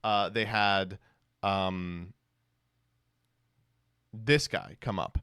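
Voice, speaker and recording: A man's voice: deep voice, steady tone, very slow, bright, forceful tone, smooth, dry recording, clean studio sound. A man streaming casual commentary, sarcastic and fond of mocking impressions.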